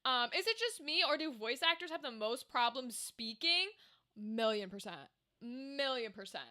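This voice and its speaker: A woman's voice: sits high, expressive, normal speed, pushed and bright. A young woman voice actor chatting casually with her chat on a live stream at home, rambling and reacting to messages. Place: home room with a table setup. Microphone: desk microphone.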